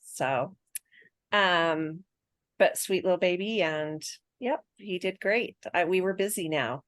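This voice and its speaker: A woman's voice: fairly low pitch, slow, a bit bright, dry recording. Older lady in her 60s telling birth stories, chatty, laughs a lot, dry close sound. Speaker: podcast guest. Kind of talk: casual birth story telling.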